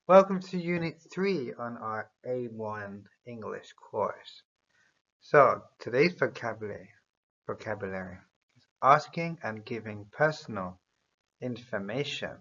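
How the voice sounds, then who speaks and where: A man teaching a beginner English lesson, reading drill phrases slowly and deliberately for learners to repeat. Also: on the low side, fairly bright tone, dull audio.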